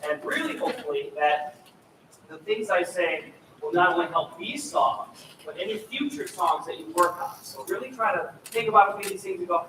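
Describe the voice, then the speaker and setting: A man's voice: high voice, big pitch swings, normal speed, background noise. A man coaching a student choir through a rehearsal. He is encouraging and demonstrative, and he sings phrases to show how they should go. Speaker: choir clinician. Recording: echoey hall, mic far off.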